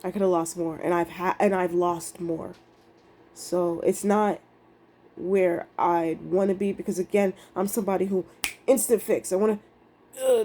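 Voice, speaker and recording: With a mid-range, dark-toned voice over slight background noise, a young woman vlogs about how her trading went. The monologue is candid and emotional, and she rambles while cursing casually.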